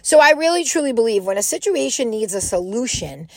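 A middle-aged woman telling a personal story in a casual, animated way, acting out what people said. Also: on the high side, a little fast, vocal fry, no room sound. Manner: animated, quotes people in raised voices.

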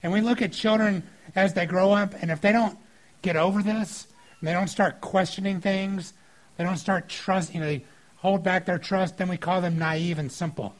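Middle-aged pastor guy preaching, slightly high voice, lively storytelling, does kid voices. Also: normal speed. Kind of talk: sermon.

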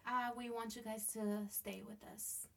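A woman co-hosts a casual podcast, talking bluntly and swearing freely. Her voice sits a little high and carries a gravelly fry. She laughs often between thoughts. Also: flat delivery, normal speed, a little hiss or hum. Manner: frank and profane, laughs often. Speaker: podcast co-host. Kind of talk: casual chat.

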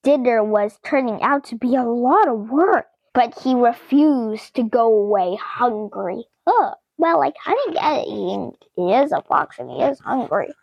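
A woman reads a children's picture book aloud in a high, very lively voice. She stops often to chat playfully with young listeners, exclaiming over the pictures, at an unhurried pace. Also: vocal fry, husky, no room sound, lo-fi sound. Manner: playful, exclaiming, chats to kids. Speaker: children's author reading aloud.

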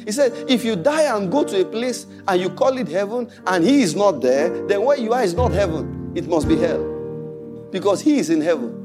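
A man preaching an animated sermon as pastor, playfully mimicking people and repeating declarations. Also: sits high, brisk, over music.

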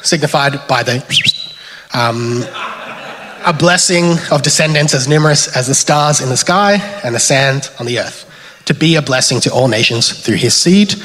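A man with an Australian accent giving a relaxed, chatty sermon with slides, thinking aloud as he goes. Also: medium pitch, normal speed. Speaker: preacher. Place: church hall. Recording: long hall reverb.

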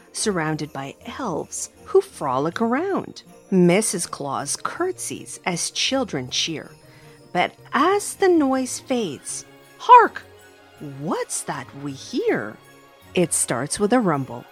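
A woman hosting a children's story podcast, reading a rhyming picture book aloud in an animated, expressive way. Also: on the low side. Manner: animated, expressive, warm-hearted.

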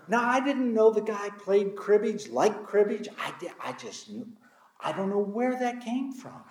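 A man preaching with a slightly raised voice that swings widely in pitch, telling stories candidly and poking fun at himself. The sound is roomy and echoey, as in a church. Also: unhurried, noisy background. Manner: candid, self-deprecating storytelling with lively pitch. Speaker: pastor. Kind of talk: sermon with personal storytelling. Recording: roomy echo.

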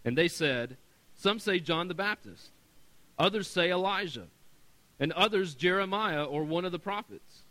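A male pastor delivering a sermon in a church sanctuary. His voice is bright and forceful and sits a little high for a man, and he presses his points by repeating words and dropping from loud declarations to near-hushed asides. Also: expressive, normal speed, poor audio. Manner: emphatic, repeats words for stress, swings between loud and soft.

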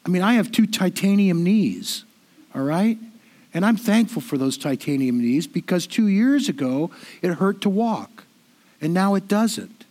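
High-voiced man preaching casually. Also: lively intonation, a little slow, mellow. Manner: conversational and self-deprecating, with frequent repetitions. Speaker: pastor. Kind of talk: sermon.

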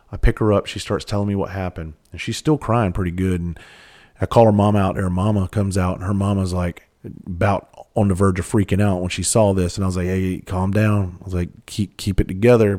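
Deep-voiced man telling a blunt story. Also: a little mellow. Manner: blunt, profane, deliberate with frequent restarts. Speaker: father telling a personal story. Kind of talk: candid personal storytelling monologue.

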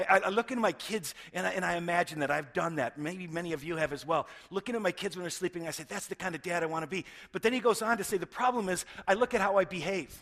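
A middle-aged man, a pastor, preaching a sermon in an earnest way, often restarting words and swinging between loud stresses and hushed lines. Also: fairly high pitch, creaky.

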